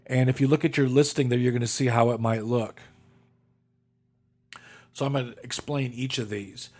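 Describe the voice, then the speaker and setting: A man's voice: mid-range voice, darkish tone. A man teaching a Bible study class, walking listeners through reference tools step by step, with occasional fillers and restarts. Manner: methodical, walks through numbered steps with fillers. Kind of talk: instructional lecture.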